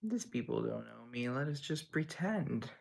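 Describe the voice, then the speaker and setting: Very animated, with vocal fry and a medium pitch at normal speed, a young man hosts a livestream. He reads chat messages out loud and replies in a rambling, joking way.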